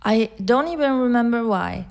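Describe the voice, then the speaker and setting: A woman's voice: on the high side, expressive, normal speed, vocal fry. Laughing young woman hosting a podcast. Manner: laughs while telling stories, swears. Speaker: podcast host. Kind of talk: casual podcast chat.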